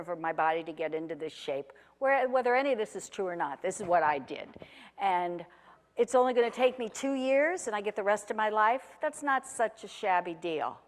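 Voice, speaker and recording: At medium pitch and with a big-room sound, a woman in her forties who was once a chef casually recounts a personal story, rambling, chatty, and self-deprecatingly funny.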